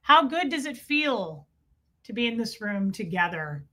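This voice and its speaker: A woman hosting a casual livestream from home, greeting viewers by name with quick, chatty asides. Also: fairly high pitch, very animated, bright, forceful tone. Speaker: livestream host. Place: room at home.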